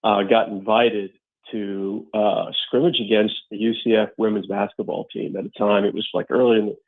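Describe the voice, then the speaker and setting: A man co-hosting a sports radio show, telling an animated story with a lot of laughter. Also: lowish voice, moderate pace. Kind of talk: casual radio chat, telling stories. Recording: phone-like narrow sound.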